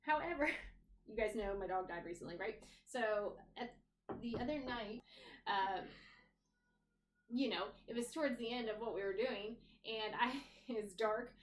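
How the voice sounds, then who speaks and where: A woman's voice: on the high side, measured pace, echoey room, slight background noise. A woman in her thirties co-hosting a podcast, chatting casually and laughing often as she tells stories. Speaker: podcast co-host. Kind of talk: casual chat.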